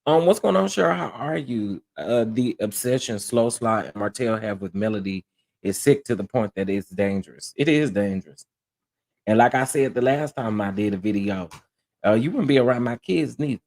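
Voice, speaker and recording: A man hosting a live gossip commentary stream, sassy and animated, laughing often and checking in with his viewers. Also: medium pitch. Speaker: host of a gossip commentary livestream.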